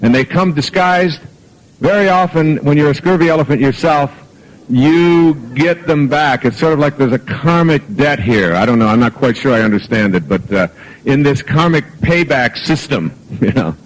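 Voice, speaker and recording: A man's voice: medium pitch, expressive, normal speed, low-quality recording. A middle-aged man giving a self-help talk to a live audience, anecdotal and jokey, acting out quoted dialogue. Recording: old archive audio recording.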